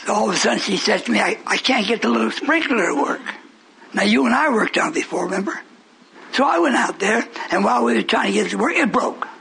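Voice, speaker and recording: Older male preacher, high voice, faint hiss behind him. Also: animated, fast, creaky, rough recording. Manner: folksy, swings from mutters to shouting. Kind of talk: rambling sermon to a congregation.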